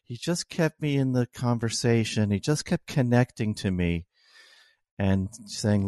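A middle-aged man, an oncologist, telling a personal story as an interview guest, slow and halting with many restarts. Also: lowish voice, lively intonation, darkish tone, no echo, clean studio sound. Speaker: oncologist and author.

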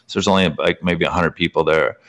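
A man from Canada, a guest author, telling personal stories in an interview, full of fillers and sudden jumps up in pitch. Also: quick pace. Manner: animated, filler-heavy, frequent jumps up in pitch. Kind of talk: emotional personal storytelling in an interview.

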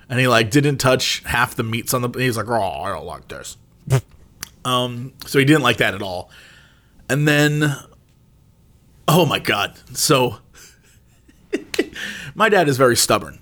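A man in casual chat, telling a funny family story and jumping up high when quoting himself. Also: a bit bright.

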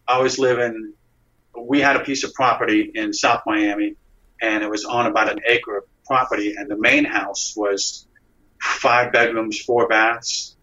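A man being interviewed, telling a story in a lively way and acting out the dialogue as he goes. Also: on the low side, unhurried, muffled recording. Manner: animated storyteller, acts out dialogue.

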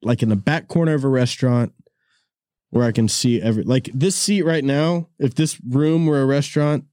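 He has a warm tone, medium pitch, and moderate pace while casually telling rambling stories on his podcast. Swearing freely and laughing often, he calls people "dude" in a relaxed way, recorded in a studio room with a corded mic at studio quality with no room sound.

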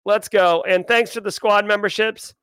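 A man with a Boston accent hosting a daily cyber news live stream, talking in an energetic, rambling, self-joking way. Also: high-pitched, moderate pace, clear, resonant tone, dry recording. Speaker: host. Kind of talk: casual live-stream chat.

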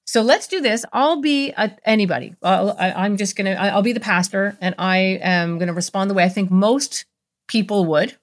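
A woman speaking as a guest expert on a podcast, explaining a calming technique with quick role-play examples. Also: medium pitch. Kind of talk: conversational interview.

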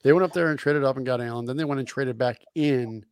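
A man's voice: mid-range voice, fast, smooth, no room sound. Laid-back podcast guest man, dry sound. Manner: laid-back, laughs easily, swears casually. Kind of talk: casual chat.

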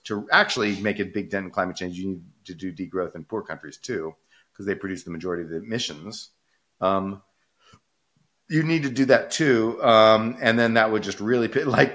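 A man co-hosting a casual podcast discussion, arguing animatedly and often checking in with "right?". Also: lowish voice. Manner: animated, rhetorical, keeps asking "right?". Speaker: podcast co-host.

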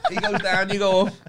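A man's voice: high voice, very noisy. A man with a Liverpool accent, a comedian guest on a podcast, chatting casually in a rambling way, swearing and laughing often.

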